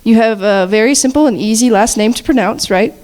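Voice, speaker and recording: A woman's voice: fairly high pitch, fairly quick, darkish tone. Teasing woman hosting a chapel panel. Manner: teasing, jokey, laughs often. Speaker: panel host at a chapel service. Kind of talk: playful interview questions. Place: campus chapel gathering. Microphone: handheld mic shared with guests.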